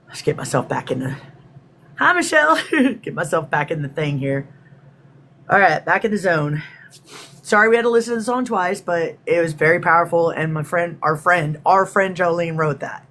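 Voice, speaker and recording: A woman's voice: low voice, fairly bright tone, slight background noise. A woman from Texas, hosting a spiritual livestream in a chatty, rambling way and greeting viewers by name. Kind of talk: casual livestream talk.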